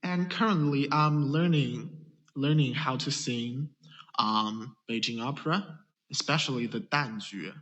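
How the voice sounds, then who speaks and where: A man calls in to a livestream chat, eager but halting, restarting his words. His voice is bright and sits at an ordinary pitch. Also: lo-fi sound. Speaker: caller. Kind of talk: casual chat.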